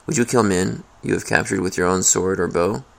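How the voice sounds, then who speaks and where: A man reading aloud the lines of a calm, commanding old male prophet in a scripture reading. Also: low-pitched, fairly quick, vocal fry.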